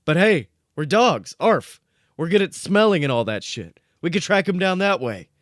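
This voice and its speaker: A man's voice: high voice, very animated, normal speed, no echo, clean studio sound, pitched above the performer's own voice. A man voicing a small, hotheaded, foul-mouthed male corgi who barks between words. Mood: indignant.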